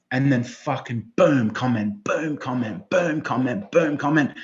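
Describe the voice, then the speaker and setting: An excitable man chatting as a podcast guest, swearing in nearly every sentence and rambling from one idea to the next. His voice sits at an ordinary middle pitch. The recording sounds a little dull and lo-fi. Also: unhurried, few pauses. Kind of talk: casual interview chat.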